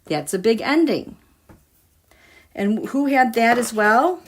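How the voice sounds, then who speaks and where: A woman's voice: on the high side, expressive, slow pace, slight background noise. A woman giving a casual tarot reading to her viewers, musing and dramatic as she talks through the cards. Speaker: tarot reader.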